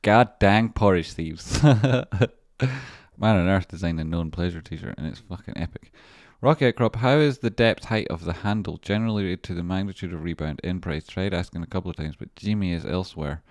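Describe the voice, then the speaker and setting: A man's voice: low voice, brisk, darkish tone, dry recording, clean studio sound. A man hosting a trading livestream, talking casually through charts in a rambling, profane way with chatty asides to viewers. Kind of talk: casual live-stream chart commentary.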